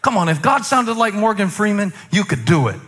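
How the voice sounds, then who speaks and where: A male pastor preaching a sermon, moving between loud, emphatic peaks and quiet, musing asides, with humorous remarks to the congregation. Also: sits high, very animated, a little fast, big-room sound, slight background noise.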